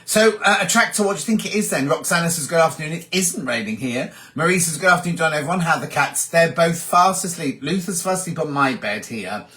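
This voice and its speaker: A man's voice: fairly high pitch, animated, quick pace, few pauses, pushed and bright. A man from England hosting a casual live chat, reading viewer comments aloud and answering them.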